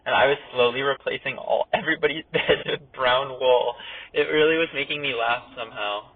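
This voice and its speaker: A man's voice: medium pitch, brisk, slightly rough. A young man casually telling a story while driving, rambling with lots of "like" and chuckles. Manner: rambling, heavy use of "like", laughs while telling. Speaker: podcast host. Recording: tinny phone-like audio with faint noise.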